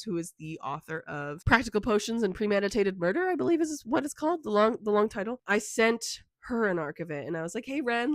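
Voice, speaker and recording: A young indie author and book vlogger, sick and audibly congested, chats casually in an advice vlog, using many filler words and offering encouragement. Her voice is medium-pitched, with no echo.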